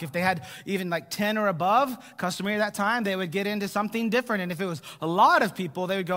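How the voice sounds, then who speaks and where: A male pastor with an American accent preaching a sermon, animated, sometimes dropping to a near whisper. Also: high voice, fast talker, in a large hall.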